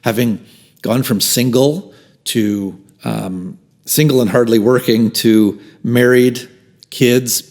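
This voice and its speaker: A man's voice: medium pitch, slow pace. Guy in his 50s telling a story on a podcast, acts out the quotes, whispers stuff under his breath. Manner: animated storyteller who acts out quotes and drops into whispered asides. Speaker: guest.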